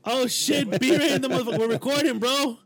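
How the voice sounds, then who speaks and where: A man with a high voice co-hosts a casual podcast and fires off quick teasing questions. He talks fast and jokes around, egging on the stories. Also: fairly even intonation, gravelly. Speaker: podcast co-host.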